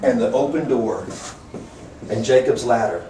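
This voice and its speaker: A male preacher giving an emphatic, animated sermon, sometimes rising to a shout, recorded from far off in a room. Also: mid-range voice, a little slow. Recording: echoey room from far off with faint noise.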